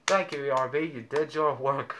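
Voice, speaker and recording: A man's voice: medium pitch, moderate pace, heavy background noise. A man hosting a reaction video, talking casually and offhand in rambling remarks, muffled through a costume mask. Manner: rambling, offhand commentary with fillers. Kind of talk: casual chat.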